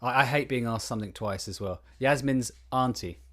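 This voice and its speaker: A young man co-hosting a casual podcast, telling stories in an animated, exasperated way. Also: medium pitch, normal speed. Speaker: podcast co-host. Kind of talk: casual chat. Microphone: studio condenser mic.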